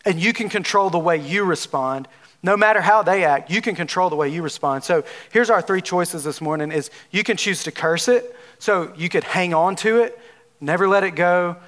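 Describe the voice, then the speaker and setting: A man's voice: high voice, moderate pace, a bit bright. A man from Alabama with a Southern drawl, preaching a sermon in a folksy, conversational way full of casual fillers. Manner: conversational, folksy, with frequent fillers like "like" and "you know". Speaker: pastor.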